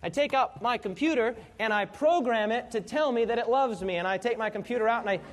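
A man's voice: very high-pitched, a little fast. A middle-aged man preaching a sermon, telling a story and asking the congregation questions.

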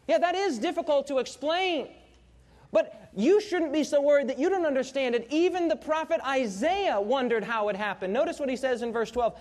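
High-voiced man preaching a sermon. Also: moderate pace. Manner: storytelling, asks the congregation questions.

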